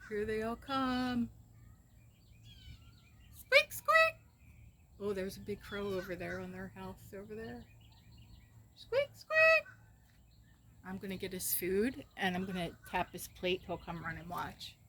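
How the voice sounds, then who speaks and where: A woman's voice: moderate pace, hardly any pauses, heavy background noise. A woman chatting casually to her viewers while outdoors in her yard, filmed on a camera on a tripod, with birds chirping behind her. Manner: chatty, addresses viewers, calls her pet in a high sing-song. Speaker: vlogger. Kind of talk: casual vlog chat.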